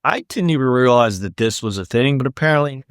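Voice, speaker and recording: A man's voice: mid-range voice, expressive, a little fast, clear, resonant tone, no room sound, studio quality. A man co-hosting a retail news podcast, reading the stories with wry, sarcastic asides in casual chat. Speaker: podcast co-host.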